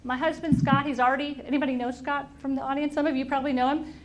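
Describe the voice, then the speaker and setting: A middle-aged woman speaking to an audience, telling a personal story in an animated way and acting out the voices of people she quotes. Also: high voice, fast talker. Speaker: invited speaker. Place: auditorium at a workplace event.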